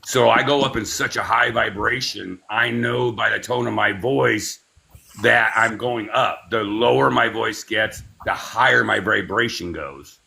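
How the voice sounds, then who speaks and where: Low-voiced man guiding a breathing class. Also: creaky, pushed and bright. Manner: meandering, unhurried talk with many fillers; slow, soothing breathing cues. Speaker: spiritual class leader. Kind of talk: guided breathing meditation class.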